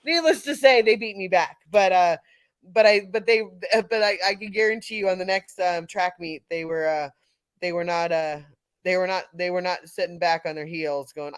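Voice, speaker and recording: A woman's voice: fairly low pitch, moderate pace, smooth, no room sound. A middle-aged woman from California, telling a casual story on a live audio panel, laughing often and restarting her sentences. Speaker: panel speaker.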